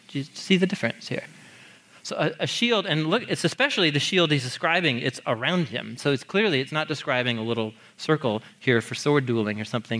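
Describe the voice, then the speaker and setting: A man teaching a sermon on the Psalms in a conversational, animated way, stressing key points and laughing now and then. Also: fairly high pitch.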